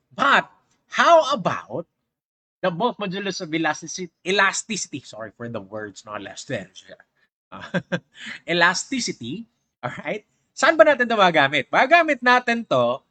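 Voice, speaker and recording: A man with a Filipino accent lectures on engineering in a lively, up-and-down voice. He explains step by step and keeps repeating the key terms. His tone is bright and the sound is dry and close. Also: a little high, no echo. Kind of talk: online lecture.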